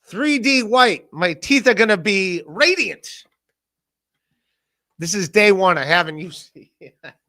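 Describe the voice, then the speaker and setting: A man hosting a podcast, rambling in a casual solo rant, swearing, laughing often and mock-shouting the people he quotes. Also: high voice, expressive, takes it slowly. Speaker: podcast host.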